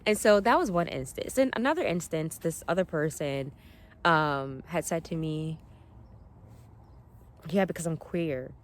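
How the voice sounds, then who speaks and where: A woman vlogging outdoors by the water on a phone, telling a story in an excitable, rambling way and often apologizing for going off track. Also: low-pitched, moderate pace. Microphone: phone held above the water.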